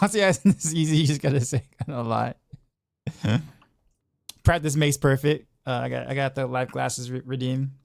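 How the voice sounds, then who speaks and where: A man streaming a game chats through his choices, repeating words and trailing off easily. His mid-pitched voice has a heavy gravel to it, recorded dry and close. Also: fairly even intonation, normal speed, darkish tone, no room sound. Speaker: game streamer and music teacher. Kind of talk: casual gameplay commentary.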